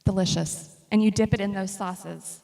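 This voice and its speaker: A woman's voice: mid-range voice, moderate pace, vocal fry. Chatty woman telling travel stories in a hall. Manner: chatty and humorous, lively storytelling. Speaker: speaker presenting travel slides. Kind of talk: casual slideshow talk to an audience. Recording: long reverb of a hall.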